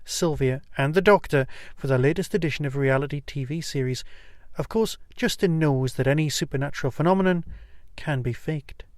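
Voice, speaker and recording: A man hosting a solo review podcast, talking with loose, enthusiastic chatter and plenty of asides. His voice sits a little higher than most men's. The sound is close and dry, with almost no room around it. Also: dry recording. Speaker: podcast host.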